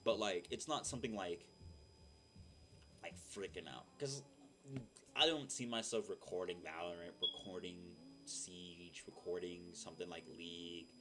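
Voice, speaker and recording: A young man, a streamer, chatting casually and rambling with lots of fillers in a deep voice. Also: unhurried, over music. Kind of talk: casual chat. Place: home room. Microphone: desk mic.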